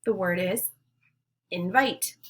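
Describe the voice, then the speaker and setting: A woman teacher leading young children through a phonics lesson, giving words slowly and clearly for them to repeat. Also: lowish voice, a bit bright. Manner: slow, clear, leading call-and-response drills.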